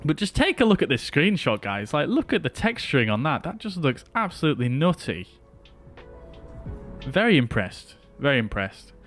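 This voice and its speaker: Streaming a flight simulator, this man chats casually with his viewers while he flies, giving loose live-stream commentary. His voice sits fairly high, very animated and fairly bright, at a moderate pace, with soft music playing in the background.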